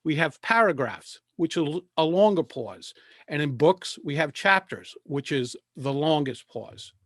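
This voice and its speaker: A man speaking as a presentation coach over a video call. He talks in a measured way and leaves deliberate pauses. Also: a little high, lively intonation, fairly bright tone, no echo, studio quality.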